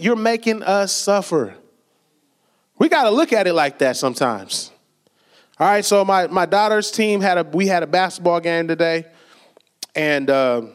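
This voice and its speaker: A man preaching a sermon in a conversational way, telling stories and quoting people with a laugh now and then. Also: high voice. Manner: conversational storytelling with laughs and acted quotes. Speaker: pastor.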